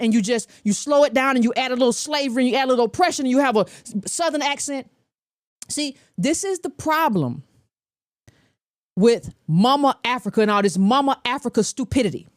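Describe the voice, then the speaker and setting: A woman's voice: sits high, fairly quick, no echo, clean studio sound. An American woman hosting a commentary show, talking in a combative, emphatic and scornful way. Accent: American English. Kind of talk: opinionated political commentary.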